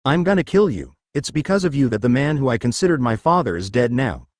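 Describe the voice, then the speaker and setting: A man voicing a grieving, angry teenage ninja boy who curses and shouts. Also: medium pitch, big pitch swings, brisk, no room sound, studio quality. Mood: furious grief. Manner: cursing, shouting in rage.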